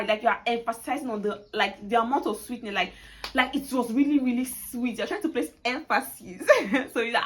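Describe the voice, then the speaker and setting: A young Nigerian woman language teacher gives a casual video lesson, chatty and laughing often as she acts out sample phrases with playful emphasis. Her voice is a little high, fairly quick and fairly bright. The audio quality is poor.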